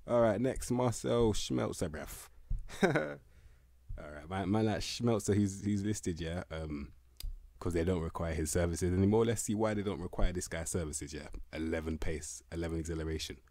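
Slangy young man, deep, dry sound. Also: fairly quick, warm tone, dry recording. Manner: slangy, blunt, laughing, repeats "bruv" and "can't lie". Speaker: game content creator. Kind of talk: casual commentary reviewing player ratings.

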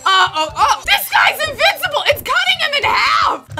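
Very high-pitched excitable woman gamer. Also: moderate pace, few pauses, shouting, over loud music. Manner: excitable, shrieking reactions and jokey running gags. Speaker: gaming channel host. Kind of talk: let's play commentary.

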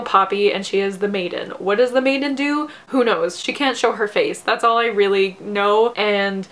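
A young woman, chatting casually about her reading in a rambling way with many fillers and frequent laughs, sounding tired and low on energy. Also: fairly bright tone. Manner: laughs often. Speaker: book vlogger. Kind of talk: casual chat.

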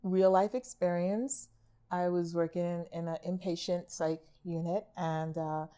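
A woman's voice: fairly low pitch, fairly even intonation, measured pace, mellow. A middle-aged woman, an art therapist, talking casually in a podcast interview and acting out quoted remarks. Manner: chatty, acts out quoted remarks.

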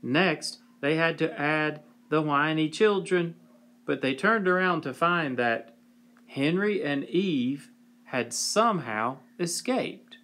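Male storyteller: slightly high, unhurried, wry read-aloud of a silly children's tale. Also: expressive, bright, forceful tone. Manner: slow, deliberate, wry delivery, clears throat.

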